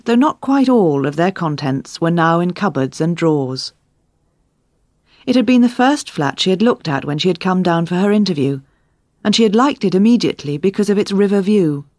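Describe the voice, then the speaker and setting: Woman narrator, low-pitched, clear measured storybook reading, dry close sound. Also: a little mellow, dry recording. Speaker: audiobook narrator. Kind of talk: scripted narration.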